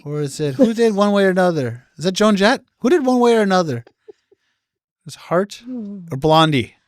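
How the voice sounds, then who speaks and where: A man's voice: high voice, expressive, normal speed, no echo, clean studio sound. A man co-hosting a podcast in casual chat, joking and laughing at his own jokes. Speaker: podcast co-host.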